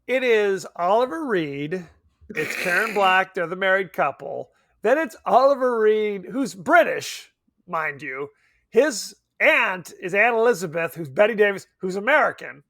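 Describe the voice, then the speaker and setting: A man's voice: high-pitched, animated, unhurried, bright, forceful tone, dry recording, studio quality. A man co-hosting a podcast, chatting casually and animatedly about a horror film, laughing and swearing. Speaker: podcast co-host.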